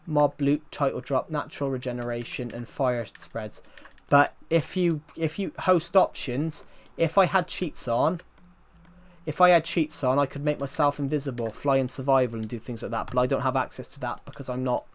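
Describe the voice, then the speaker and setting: A man's voice: mid-range voice, moderate pace. A young man from the UK with a British accent that is not from London. He chats casually on a game live stream, rambling, repeating himself and saying "um" often. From United Kingdom. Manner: rambling, repeats himself, frequent "um" and "if you get what I mean".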